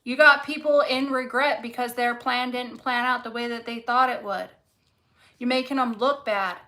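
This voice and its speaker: A woman's voice: fairly high pitch, steady tone, normal speed, pushed and bright, rough recording. A woman reading tarot cards casually to camera, fervent and encouraging, swearing freely and repeating words for emphasis. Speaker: tarot reader.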